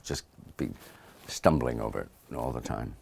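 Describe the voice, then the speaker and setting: Very deep-voiced man, thoughtful and unhurried. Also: creaky, slightly rough. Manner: thoughtful, unhurried, trails off softly. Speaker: actor and author being interviewed. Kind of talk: relaxed conversational interview. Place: audiobook recording studio. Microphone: studio microphone.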